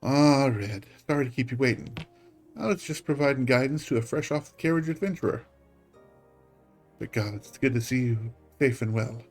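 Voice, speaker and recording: A man's voice: mid-range voice, normal speed, natural voice. Dude doing a jolly fatherly old game official, folksy, a bit scolding, faint music. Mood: hearty, jovial. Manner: jovial, folksy and chiding. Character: hearty, fatherly older male guild official.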